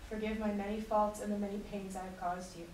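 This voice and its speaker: A woman giving a class presentation and a dramatic reading of a letter, in an earnest, measured delivery. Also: medium pitch, flat delivery, darkish tone. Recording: echoey room recorded from a distance, faint noise.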